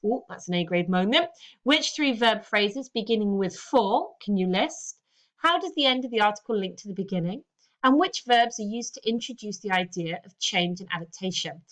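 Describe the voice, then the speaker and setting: A woman's voice: medium pitch, moderate pace. A woman teaching a lesson, talking through a text and often saying "okay". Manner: lively, talks through a text with frequent "okay"s. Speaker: English teacher. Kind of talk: recorded online lesson.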